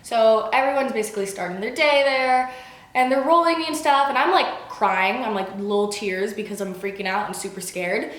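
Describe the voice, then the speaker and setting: A woman's voice: on the high side, normal speed, fairly bright tone, reverberant. A young woman telling a personal story in a casual storytime vlog, chatty and full of fillers, acting out what people said. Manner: chatty, filler-heavy, acts out quotes. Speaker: vlogger.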